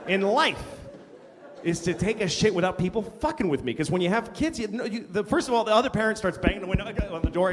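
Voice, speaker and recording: A middle-aged man doing stand-up in front of a live audience, his profane rants leaping up and down in pitch. His voice sits a little high for a man. The hall rings with long reverb, with a faint murmur behind. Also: big pitch swings, quick pace, slight background noise. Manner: profane, ranting, shouts put-on voices. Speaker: stand-up comedian. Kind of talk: stand-up comedy set. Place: comedy stage before a live audience.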